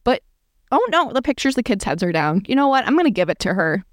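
A woman's voice: fairly high pitch, big pitch swings, quick pace, no room sound, studio quality. A woman giving casual, sarcastic reaction commentary, reading a blog aloud and joking about it. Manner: sarcastic, amused, reads aloud and riffs.

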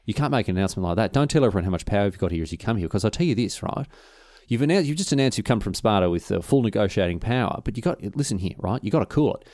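A man's voice: fairly low pitch, expressive, rapid-fire, a little mellow, no echo, close to an everyday voice. Man putting on a sly ancient Greek politician, matey and conspiratorial, dry close sound. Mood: scheming. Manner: chummy, conspiratorial, mate-to-mate banter. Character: scheming smooth-talking ancient Greek male politician.

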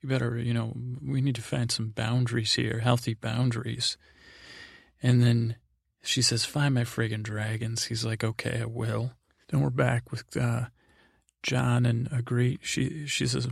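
A man's voice: medium pitch, level tone, measured pace, vocal fry, slightly rough, no room sound, clean studio sound. A middle-aged man meandering through a rambling sleep-aid recap as a podcast host, full of fillers and asides.

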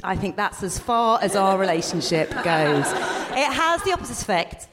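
A woman's voice: medium pitch, very animated, moderate pace, few pauses. A woman co-hosting a live comedy podcast, telling self-mocking stories and laughing through them in front of an audience. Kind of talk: live stand-up storytelling. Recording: noisy live recording.

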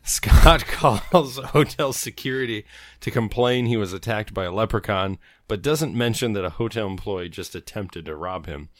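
Lowish-voiced guy reading a movie recap on a podcast, dry close sound, chuckles now and then. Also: normal speed, a bit bright, dry recording. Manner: reads plot summaries, laughing at times. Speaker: podcast co-host.

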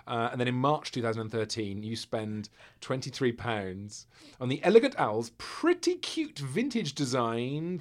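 A man's voice: medium pitch, big pitch swings, normal speed. A man hosting a podcast, chatting casually and teasing his guests as he steers the talk. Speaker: podcast host. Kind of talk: casual chat.

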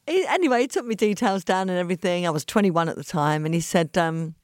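A woman with an East London accent, a guest telling lively stories in a podcast interview and acting out the voices of the people in them. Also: lowish voice, fast, no room sound, clean studio sound. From England. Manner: animated storyteller acting out quoted voices.

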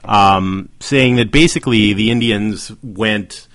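Low-voiced man chatting wryly on a podcast. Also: slow pace, fairly bright tone, no echo. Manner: chatty, wry, trailing off into asides. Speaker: podcast co-host. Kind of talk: casual chat.

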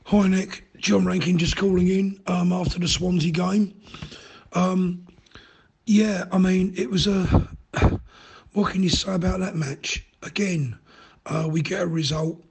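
A higher-pitched man with a very husky, raspy voice leaves a casual voicemail. He reasons things through in a dry, thoughtful way. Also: steady tone, a little slow, a little mellow, rough recording. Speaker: caller leaving a voicemail.

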